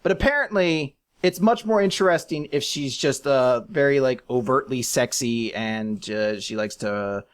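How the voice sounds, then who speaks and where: A podcast co-host in casual chat, ranking a list, animated and sarcastic, breaking into shouted impressions. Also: mid-range voice, normal speed, few pauses.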